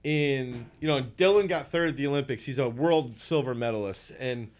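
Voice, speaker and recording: Throws coach guy chatting on a podcast, rambly and lively, average pitch. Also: moderate pace. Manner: rambling, animated storytelling. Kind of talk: casual podcast interview.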